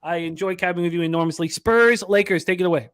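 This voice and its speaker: A man's voice: high-pitched, fast talker, a bit bright, clean tone. A man hosting a sports betting show in casual talk, rambling, frustrated and swearing often. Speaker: sports betting podcast host.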